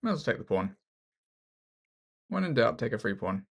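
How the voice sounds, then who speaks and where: Very animated and mid-range, this Australian man's voice moves at a moderate pace as he plays online chess on stream. He reasons out loud, cracks jokes, and mocks himself casually.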